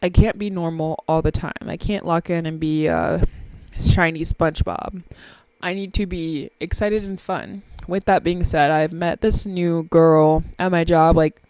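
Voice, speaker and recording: A young woman hosting a casual solo podcast, talking in an animated, silly, excitable way with sudden squeals. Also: fairly low pitch, unhurried, clear, resonant tone, dry recording. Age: young adult. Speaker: podcast host.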